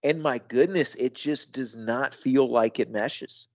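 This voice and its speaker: A man co-hosting a wrestling podcast, talking in a casual, thoughtful way with halting restarts and emphatic asides. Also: mid-range voice, no echo, muffled recording. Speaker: podcast co-host.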